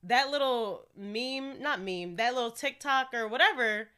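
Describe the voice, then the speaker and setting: A woman's voice: a little high, measured pace, smooth. Chatty young woman podcast host. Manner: chatty, laughs often, candid and animated. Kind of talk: casual solo podcast chat.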